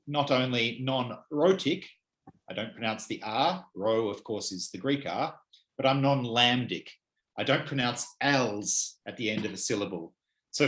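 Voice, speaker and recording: A man's voice: medium pitch, a bit bright. Australian man in an echoey room. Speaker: podcast co-host. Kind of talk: casual conversation.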